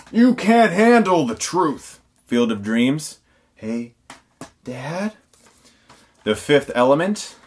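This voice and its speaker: A man's voice: mid-range voice, a little hiss or hum. A man reviewing films who walks through his collection in a casual on-camera listing, dropping wry, sarcastic asides.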